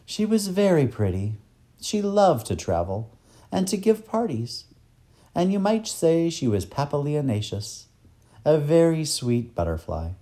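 A man voicing a kindly, learned old professor who explains things gently in a storybook reading. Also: fairly high pitch, very animated, measured pace, voice pushed up. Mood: wistful. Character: kindly older male professor, warm and learned.

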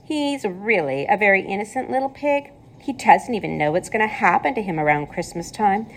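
A woman's voice: medium pitch, lively intonation, fairly quick. A woman doing a knowing old mother goose. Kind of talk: storybook read-aloud.

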